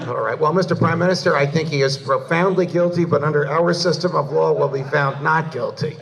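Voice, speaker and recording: A man's voice: on the high side, fairly quick, gravelly, recorded from a distance, background noise. Man telling anecdotes to a banquet crowd. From New Jersey. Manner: humorous, building up anecdotes to a punchline. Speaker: keynote speaker. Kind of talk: storytelling speech at a banquet. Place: event hall before a live audience.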